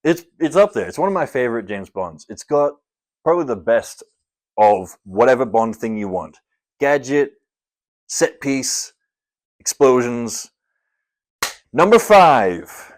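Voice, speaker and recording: A man's voice: medium pitch, animated, normal speed, darkish tone. A young man from Scotland, talking casually and rambling through his movie rankings in a vlog, with playful theatrical bursts on each countdown number. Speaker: film reviewer.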